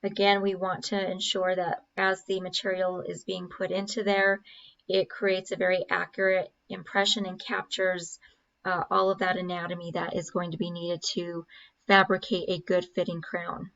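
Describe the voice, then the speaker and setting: A woman's voice: fairly low pitch, monotone, moderate pace, a bit bright, highs cut off. A woman narrating a dental procedure video as an instructor, explaining steps with frequent fillers.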